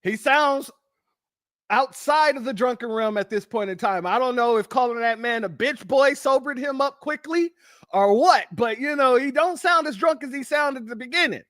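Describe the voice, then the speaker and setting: High-voiced man reacting to clips. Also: normal speed, a bit bright, no echo, clean studio sound. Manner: laughs often, addresses viewers as family. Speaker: commentary host. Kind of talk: casual reaction commentary.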